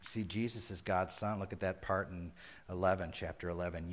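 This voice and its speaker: A man with a low voice preaches a sermon. He mixes folksy jokes with earnest scripture reading. His delivery swells to loud, emphatic peaks and then sinks to hushed, almost whispered lines. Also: steady tone, fairly quick. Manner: folksy asides and humor. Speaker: pastor.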